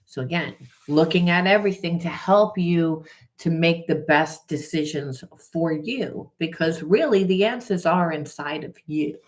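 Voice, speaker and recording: A woman's voice: on the low side, unhurried. A woman spiritual coach talking through a tarot reading in an earnest, conversational way, often repeating herself. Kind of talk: casual tarot reading monologue.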